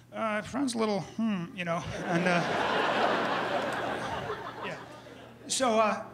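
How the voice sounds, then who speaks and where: A man's voice: extremely high pitch, pushed and bright. A man doing a stand-up comedy set on stage, brash and mock-instructional, acting out his bits for a laughing audience. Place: stage before a live audience. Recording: roomy live venue with crowd noise.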